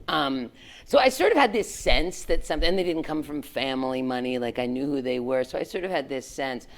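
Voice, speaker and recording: A middle-aged woman, a former tech executive, telling a story to students in a frank, animated way, full of "like" and "right?". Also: extremely low pitch, brisk. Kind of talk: candid storytelling talk to students.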